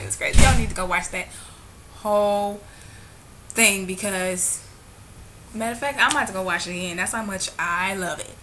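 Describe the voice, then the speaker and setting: Gushing excitable woman vlogging. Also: mid-range voice, a little fast, slight background noise. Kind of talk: casual vlog monologue.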